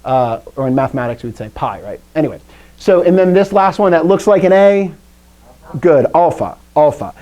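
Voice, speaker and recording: Woman, chatty joking teacher on a video call, very lively pitch. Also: moderate pace. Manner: lively, chatty, quizzes the class, jokes. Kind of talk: live classroom lesson.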